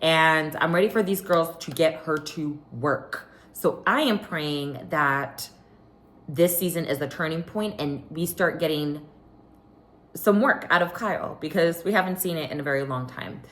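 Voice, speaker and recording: A woman's voice: sits low, a little slow. A young woman casually recapping a reality show, chatty and opinionated. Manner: chatty, opinionated, animated quoting. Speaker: recap vlogger.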